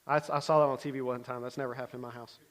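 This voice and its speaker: A man giving a casual, conversational sermon, often checking in with his listeners and swinging between loud bursts and quiet asides. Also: medium pitch, little pitch movement, racing. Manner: conversational, checks in with frequent "okay?". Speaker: Bible teacher.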